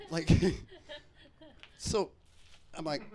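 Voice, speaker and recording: A man hosting a live stream, telling comic stories from his life in a profane, animated way. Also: a little high, a little hiss or hum. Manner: profane, animated, quick jokes. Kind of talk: comedic storytelling.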